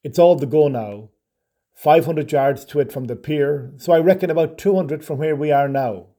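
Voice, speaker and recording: A man playing an easygoing local swimmer, mellow. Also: on the high side, normal speed, close to an everyday voice. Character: wary local man who swims the lake.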